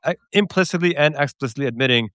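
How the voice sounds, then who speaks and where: Indignant man with a smooth voice. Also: fairly high pitch, lively intonation, fast, fairly bright tone, no room sound, clean studio sound. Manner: emphatic, indignant. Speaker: podcast host. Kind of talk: political discussion.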